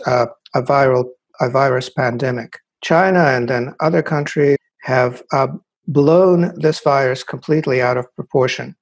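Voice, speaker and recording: A Russian-born man, a guest writer, answering interview questions in a deliberate, analytical way with dry irony. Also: medium pitch, breathy edge.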